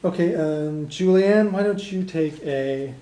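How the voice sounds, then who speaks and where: A man teaching a beginner language class, relaxed and chuckling, with plenty of fillers. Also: on the high side, slow pace. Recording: echoey classroom.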